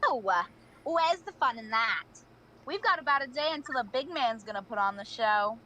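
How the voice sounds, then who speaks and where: A woman's voice: on the high side, expressive, normal speed, bright, forceful tone. A woman voicing a capricious, playful female villain boss in a live fan audio drama read, sing-song and bossy.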